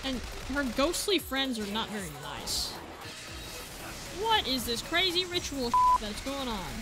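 High, lively woman gamer with game music. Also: a little slow. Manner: chatty, jokey, talks to game characters. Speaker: gamer playing on video. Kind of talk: casual let's-play commentary.

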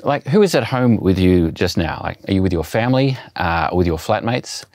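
A man preaches in a relaxed, conversational way, poking fun at himself as he tells stories. His voice sits fairly low, and the sound is dry and close. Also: moderate pace, dry recording. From Australia. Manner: chatty, self-deprecating storytelling. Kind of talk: sermon.

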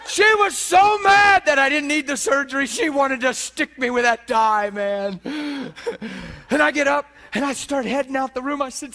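A man preaches with a high, bright voice into a handheld mic. He tells his story in an animated way and acts out the other people in it. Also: a little slow. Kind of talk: storytelling sermon. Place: teaching hall before an audience.

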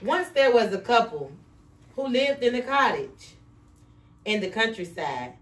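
A woman's voice: a little high, big pitch swings, measured pace. A woman reading a picture book aloud to her children in a playful way, stopping to quiz them. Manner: playful, stops to quiz the kids. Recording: echoey room, distant mic.

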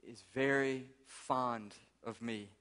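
A male pastor voicing a joyful eighty-year-old uncle, speaking softly and with wonder. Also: medium pitch, fairly even intonation, slow pace, pitched below the performer's own voice. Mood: delighted.

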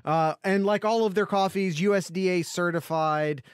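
A man with a fairly high voice co-hosts a casual sports podcast and drifts through an ad read with jokes and restarts. The sound is dry and close, with no room around it. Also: moderate pace, clear, resonant tone, no room sound. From Ohio. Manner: jokey, rambling ad read with restarts. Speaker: podcast co-host.

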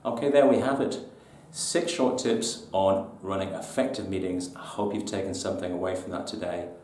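A lowish-voiced man delivers business tips with punchy emphasis and a chatty, colloquial turn of phrase. He sits back from the mic in an echoey room, with faint ambient noise. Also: steady tone, normal speed, darkish tone, recorded from a distance. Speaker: business trainer. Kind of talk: presenting tips to camera.

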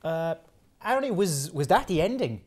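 A man's voice: a little high, very animated, normal speed, darkish tone. A man with an Irish accent presenting a student comedy morning show, cheeky and teasing. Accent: Irish, Cork.

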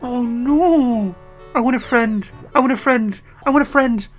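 A man giving casual game commentary while playing, excitable and prone to loud outbursts, his throat getting strained. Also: very high-pitched, measured pace, soft background music. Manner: excitable, bursts into loud yelling. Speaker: let's play gamer.

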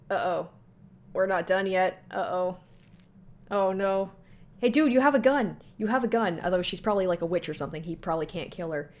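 A woman's voice: lowish voice, fairly quick, faint music behind. Jittery woman streaming a horror game. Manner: jumpy, talks to herself, reads text aloud. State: panicked while being chased. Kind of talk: horror game let's play commentary.

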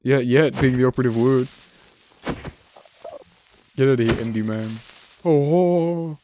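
Young male creator, casual gameplay commentary, sweary, excitable, chats to his pets on screen. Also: mid-range voice, unhurried, slight background noise. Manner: excitable, swears a lot, talks to his animals. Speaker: gaming video creator. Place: home editing room.

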